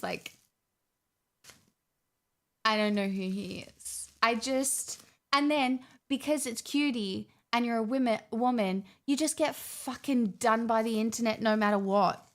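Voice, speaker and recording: A woman's voice: a little high, measured pace. A woman streamer in casual livestream chat, rambling with restarts and swearing freely.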